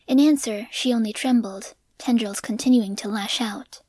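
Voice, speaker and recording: A woman reads a dark story aloud in a measured, steady voice and drops to a whisper on grim lines. Her voice sits fairly high. The recording is dry and close, with no room echo. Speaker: narrator. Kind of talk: audiobook narration.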